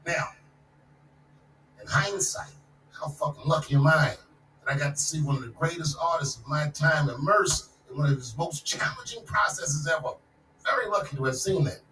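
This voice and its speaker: A man's voice: on the high side, expressive, moderate pace, bright, forceful tone. Profane man doing stand-up, echoey venue. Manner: profane, loose storytelling building to punchlines. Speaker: stand-up comedian. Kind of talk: stand-up comedy set. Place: large live comedy venue. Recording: echoey live venue, distant mic, audience noise.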